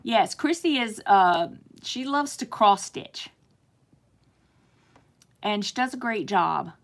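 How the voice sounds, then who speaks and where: A woman's voice: medium pitch, animated, takes it slowly. A middle-aged woman from the United States hosting a casual live stream, chatting with viewers and reading their comments aloud, with frequent laughs and fillers. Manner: chatty, warm-hearted, laughs often, many fillers. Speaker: host reading live chat.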